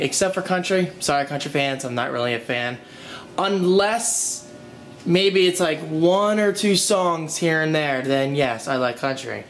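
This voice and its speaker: A man's voice: medium pitch, a bit bright, slight background noise. A young man chatting casually in a home vlog, joking around and talking to his dogs as he moves from room to room. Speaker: vlogger. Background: music playing from his phone.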